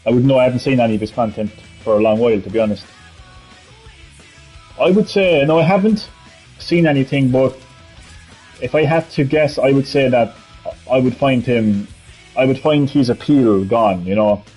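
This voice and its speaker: A man's voice: medium pitch, normal speed, pauses often, mellow, husky, soft background music, low-quality recording. An Irish man giving casual, rambling gameplay commentary while answering chat as a streamer. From Ireland. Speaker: gaming streamer.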